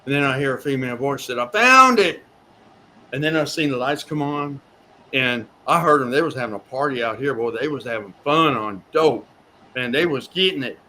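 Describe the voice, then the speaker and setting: A man's voice: medium pitch, a little fast, slight background noise. Man telling a long personal story. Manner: rambling animated storytelling with repeated words. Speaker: guest. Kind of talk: storytelling in a talk show interview.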